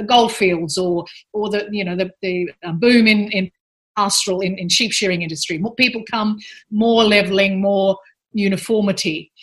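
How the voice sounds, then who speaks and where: Thoughtful woman explaining accents calmly. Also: medium pitch. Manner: thoughtful, measured explanations with frequent hesitations. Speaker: linguistics expert guest. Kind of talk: casual expert interview.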